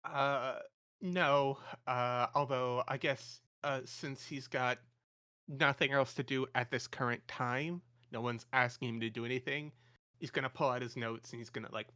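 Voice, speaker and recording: A man describes his character's actions at a tabletop game, halting and filling gaps with "uh". His voice is smooth and clear. The sound is dry. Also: medium pitch, steady tone, sharp tone, dry recording. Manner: halting, heavy use of "uh". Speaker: player.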